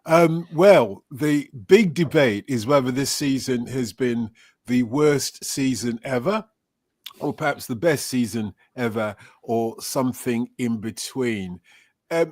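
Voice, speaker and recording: A man's voice: mid-range voice, animated, unhurried, a little mellow, dry recording, clean studio sound. A man hosting a podcast in a casual, chatty way, laughing often and wandering off on tangents. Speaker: podcast host. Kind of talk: casual chat.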